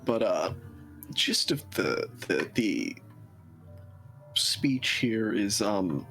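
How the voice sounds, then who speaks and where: Slow, low-voiced man running a game. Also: faint music behind. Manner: relaxed, halting narration with frequent laughs. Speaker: storyteller. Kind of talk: running a tabletop role-playing game.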